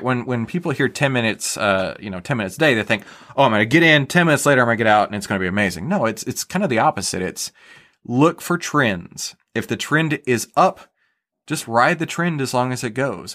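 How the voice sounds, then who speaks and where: Guest, male, mid-pitched, casual explainer who repeats words and keeps asking "right?". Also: a bit bright. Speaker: guest, stock trader. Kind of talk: casual podcast interview.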